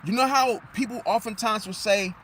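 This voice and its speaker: Guy with a high voice ranting about star signs, keeps saying see?, going hoarse, faint traffic noise outside. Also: normal speed. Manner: animated, emphatic, repeats "see?"; drops into mocking impressions of others. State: losing his voice. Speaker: astrology commentator. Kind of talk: casual monologue.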